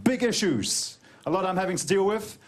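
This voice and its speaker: On a comedy club stage in front of a live audience, a man with a New Zealand accent does stand-up, spinning jokey stories and slipping into put-on voices. His voice is high and animated at a moderate pace. It's a live recording, with crowd laughter and background noise throughout.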